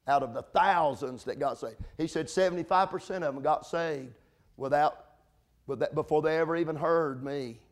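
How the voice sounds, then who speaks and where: Male preacher with a high voice, fervent and repetitive, speaks to his congregation. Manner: impassioned, building to shouted climaxes; repetitive, with restarts and asides to congregants by name. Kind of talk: sermon.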